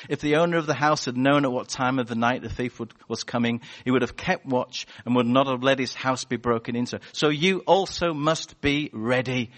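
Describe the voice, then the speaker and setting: A man preaching a sermon in a church, animated and chatty, telling stories and acting out voices. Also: medium pitch. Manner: animated, storytelling with acted-out voices.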